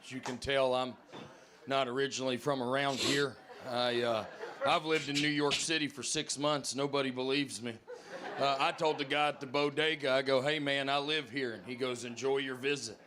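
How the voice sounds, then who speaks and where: A man's voice: medium pitch, fairly even intonation, moderate pace, noisy background. A man with a Southern Alabama accent doing a stand-up comedy set, telling folksy, self-mocking stories with punchlines. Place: comedy club stage. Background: loud audience laughter.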